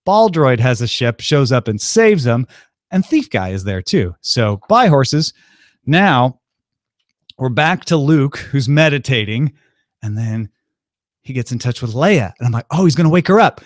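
A man casually recapping a film as a podcast host, breezy and jokey, often slipping into quick impressions of the characters. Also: medium pitch, very animated, no echo, studio quality.

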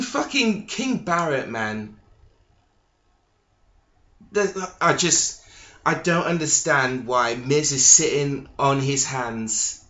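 A man hosting a solo podcast, talking casually in a halting, hesitant way, full of ums, restarts and swearing. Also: on the high side, bright, forceful tone. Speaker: podcast host. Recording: echoey, dull lo-fi room recording.

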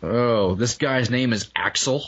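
Husky man making wry quips. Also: mid-range voice, unhurried, highs cut off. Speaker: commentary co-host. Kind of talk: riffing movie commentary.

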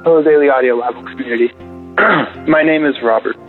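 A man from Canada calls in with a prayer request, emotional and halting, often repeating himself. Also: mid-range voice, soft background music. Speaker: caller. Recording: tinny phone line.

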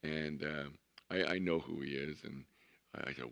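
Male pastor, very low and gravelly, conversational sermon delivery with slow stretched emphasis. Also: fairly even intonation, fairly bright tone. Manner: conversational storytelling, drawn-out emphasis.

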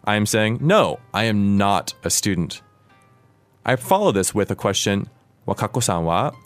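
A man's voice: lowish voice, sing-song, measured pace, no room sound, faint music behind. An American man who speaks English natively, hosting a language lesson and patiently explaining Japanese grammar. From United States. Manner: patient, clear explanatory teaching. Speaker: language course host.

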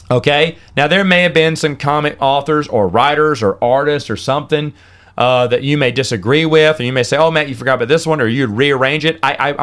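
A man's voice: mid-range voice, fairly bright tone. A man hosts a solo podcast in a loose, rambling way. He stops himself mid-sentence, repeats words and restarts often, and hiccups now and then. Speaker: podcast host.

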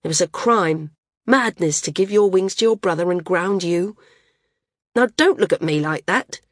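A woman's voice: on the low side, lively intonation, moderate pace, no echo, clean studio sound. A woman reading a stubborn lean male flyer. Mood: heated. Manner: earnest, argumentative dialogue reading.

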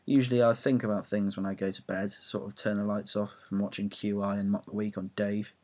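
A man's voice: on the low side, little pitch movement, brisk, darkish tone. Young English man, home audio blog, rambling football rant, sweary and self-deprecating. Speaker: football fan blogger.

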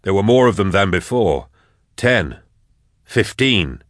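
Male narrator, audiobook, measured, deep voice, dry close mic. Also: no room sound. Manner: measured, steady storytelling.

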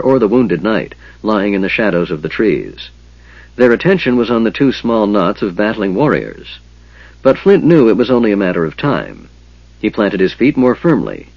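A man narrating a fantasy audiobook in a steady, measured storytelling manner. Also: fairly low pitch, no room sound, muffled recording.

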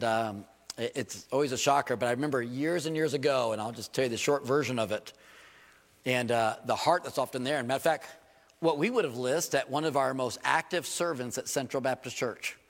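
A male pastor, preaching an animated sermon full of rhetorical questions and self-deprecating humor. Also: on the high side. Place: church sanctuary. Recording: long reverb of a church hall.

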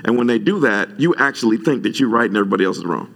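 A man preaching a sermon, animated and conversational, jumping high in pitch when he retells his own words. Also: very fast, gravelly. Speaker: pastor.

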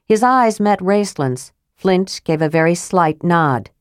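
A woman narrating an audiobook in an even storytelling manner, close to the mic. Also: lowish voice, slow, clean tone, dry recording. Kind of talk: scripted narration.

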